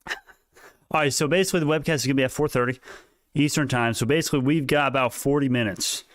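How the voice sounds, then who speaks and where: A man hosting a live stock market stream, talking excitedly, laughing often and restarting his sentences, a little out of breath. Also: mid-range voice, fast talker, no room sound, studio quality. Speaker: stock market livestream host. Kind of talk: casual livestream talk.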